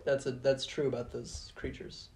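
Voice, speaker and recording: A man in casual chat who teases his friend, counts down the rounds and laughs loudly. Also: mid-range voice, little pitch movement, moderate pace, creaky, echoey room. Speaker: podcast co-host.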